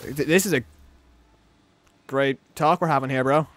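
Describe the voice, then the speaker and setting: A young man giving let's play commentary on a game, excitable and rambling, often talking sarcastically to the characters on screen. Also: mid-range voice, moderate pace. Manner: rambling with frequent restarts. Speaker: gaming channel host.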